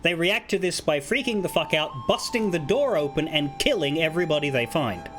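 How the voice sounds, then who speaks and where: Animated, profane male streamer. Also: on the high side, brisk, over music. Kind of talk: casual storytelling.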